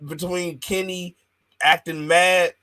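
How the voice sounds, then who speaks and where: A man from the US West Coast co-hosting a wrestling podcast, excitable and profane, breaking into laughter. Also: sits high, slow. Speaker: podcast co-host. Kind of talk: casual chat about wrestling.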